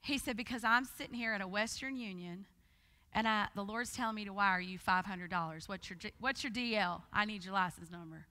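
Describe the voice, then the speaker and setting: A woman preaching at a conference, telling her story in a lively way and acting out the voices of the people in it. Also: medium pitch, fairly quick. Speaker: guest speaker. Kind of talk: conference sermon with testimony. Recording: long hall reverb.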